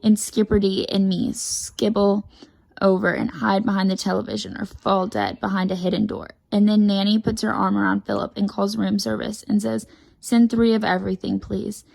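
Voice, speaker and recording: A woman reads a children's storybook aloud with a heavily gravelly, fry-laden voice. She tells it lively in the first person, like a chatty, bossy little girl. The sound is close and dry, with no room around it. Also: medium pitch, moderate pace, no room sound, poor audio. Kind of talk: reading a picture book aloud.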